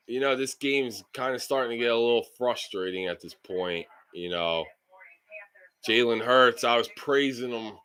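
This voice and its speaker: A frustrated man on a sports live stream, venting and swearing at his team's mistakes. He speaks slowly, with a bright, tense edge to his voice. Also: medium pitch, clean tone. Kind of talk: live-stream game reaction.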